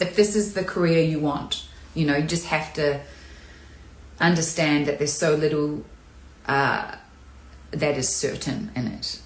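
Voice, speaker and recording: A woman acting coach talking candidly and chattily in a live-streamed Q&A, sometimes showing emotion. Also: sits low. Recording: echoey room.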